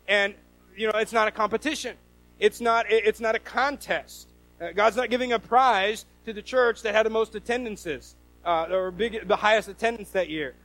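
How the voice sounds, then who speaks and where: A pastor preaching a sermon in a high voice for a man. He keeps it conversational, restarting phrases and asking the congregation rhetorical questions. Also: fairly bright tone, rough recording.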